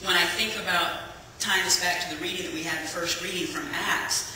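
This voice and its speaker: The voice is a man's, high-pitched and sharp, fairly quick with fairly even intonation, picked up from far away in an echoey hall with slight background noise. He tells a church congregation his personal story as a chatty testimony packed with fillers.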